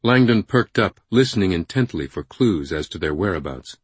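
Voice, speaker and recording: A man narrating a thriller audiobook in a measured, suspenseful way on a close studio microphone. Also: deep voice, expressive, breathy edge, dry recording.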